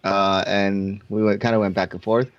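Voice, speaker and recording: A man co-hosting a casual podcast, blunt and teasing, cursing freely. His voice sits at a middle pitch. The sound is dry and dull. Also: level tone, normal speed, smooth, no echo. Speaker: podcast co-host. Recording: dull, muffled audio.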